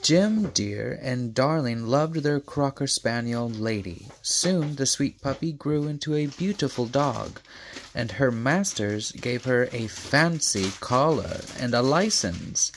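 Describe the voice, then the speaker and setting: A man reading a children's storybook aloud, unhurried, with mumbled asides between passages. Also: medium pitch, animated, slight background noise. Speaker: storybook reader.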